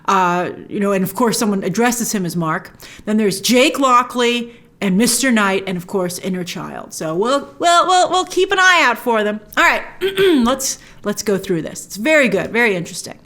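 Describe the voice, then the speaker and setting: A woman's voice: mid-range voice, sing-song, moderate pace, a bit bright. A woman hosting a trailer breakdown, chatting enthusiastically with lots of restarts. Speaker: host.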